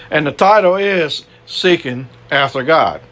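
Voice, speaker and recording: A man's voice: fairly high pitch, expressive, slow pace, fairly bright tone. A man with a Cajun accent preaching a conversational sermon, full of asides and rhetorical questions. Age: older. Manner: conversational, frequent "you know", rhetorical questions.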